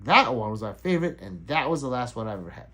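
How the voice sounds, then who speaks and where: A man's voice: mid-range voice, sing-song, fast, fairly bright tone. Middle-aged guy on a home livestream, chatty and loose, voice jumps up and down a lot. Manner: loose, laughing, chatty, reading out chat. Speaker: livestream host. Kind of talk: casual livestream chat.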